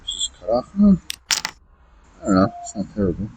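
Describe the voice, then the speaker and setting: A man's voice: fairly low pitch, very animated, a little fast, darkish tone, a little hiss or hum, rough recording. A man thinking aloud through his online poker hands, muttering his reads and swearing in exasperation at opponents' plays. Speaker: online poker player streaming his session. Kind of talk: casual thinking-aloud game commentary.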